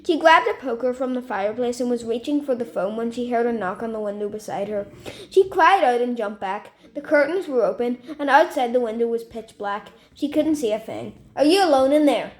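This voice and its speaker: A woman's voice: fairly high pitch, expressive, a little fast. Woman reading a novel aloud. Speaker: story reader.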